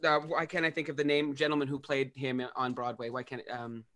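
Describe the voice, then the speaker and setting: A man's voice: medium pitch, little pitch movement, fairly quick, fairly bright tone. A man hosting a casual talk show, asking rambling questions in a playful way and laughing often. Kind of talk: casual interview chat.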